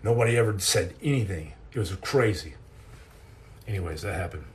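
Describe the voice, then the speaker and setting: A man, a former Navy SEAL, hosting a live stream and telling comic stories in an animated, self-mocking way. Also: low voice, fairly quick, slight background noise.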